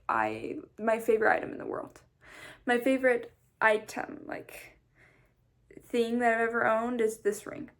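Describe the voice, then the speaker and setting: A tired woman vlogger telling a story in a casual, rambling, animated way. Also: on the high side. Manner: chatty, rambling, animated retelling.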